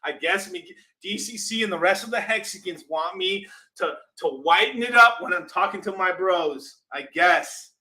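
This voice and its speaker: A man quoting a brash, slangy friend in a slower, mocking drawl. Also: on the high side, sharp tone.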